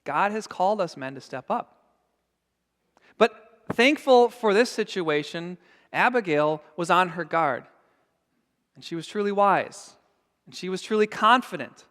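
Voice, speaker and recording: A man's voice: sits high, lively intonation, a little slow, long pauses, fairly bright tone, long reverb tail. A man preaching a sermon as pastor, earnest and emphatic. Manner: earnest and emphatic, acting out scenes. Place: church sanctuary.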